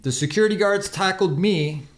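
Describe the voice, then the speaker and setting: A man's voice: high voice, moderate pace. A man who is a podcast guest and former motocross racer, telling a long, rambling, profane story in casual chat and acting out the quotes.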